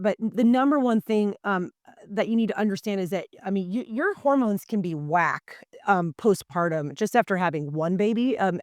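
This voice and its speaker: A woman's voice: mid-range voice, dry recording. A woman co-hosting a casual health podcast, voice in the middle of the range for a woman. She talks earnestly and with emphasis, right to her listeners. The sound is dry and close. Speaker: podcast co-host.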